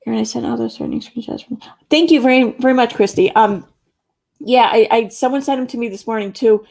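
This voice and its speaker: A woman's voice: on the high side, fairly quick, creaky, a little mellow. A woman hosting a casual livestream, rambling and reading chat comments aloud, with the odd curse word. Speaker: livestream host.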